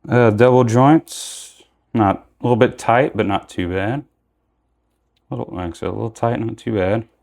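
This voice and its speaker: A man's voice: medium pitch, moderate pace, vocal fry, darkish tone. A young man giving casual, rambling commentary while unboxing and reviewing action figures, often correcting himself mid-sentence.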